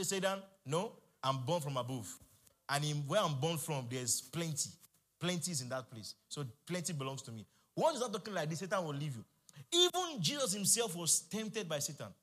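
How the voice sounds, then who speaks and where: A middle-aged male pastor, preaching fervently and leading the congregation in call-and-response, rising at times to shouts. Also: fairly high pitch. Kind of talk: sermon.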